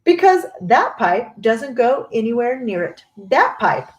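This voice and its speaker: A woman's voice: on the high side, big pitch swings, unhurried, reverberant, highs cut off, pitched above the performer's own voice. A woman voicing an eccentric, theatrical male chocolate maker with breezy reassurance. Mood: whimsical.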